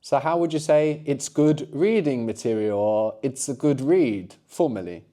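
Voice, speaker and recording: A middle-aged language teacher gives a spoken lesson in a warm, mellow voice at an even middle pitch. He explains things at length, often checking in with quick tag questions.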